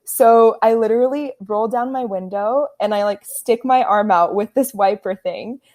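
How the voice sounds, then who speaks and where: A woman in her twenties telling a story as a podcast guest, animated and laughing often, with lots of "like" fillers. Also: fairly high pitch, moderate pace. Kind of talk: casual chat.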